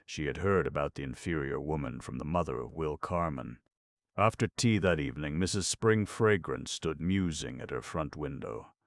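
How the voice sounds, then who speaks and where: A man narrating a classic story for an audiobook in measured, even storytelling. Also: rumbling low, no echo, studio quality. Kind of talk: scripted narration.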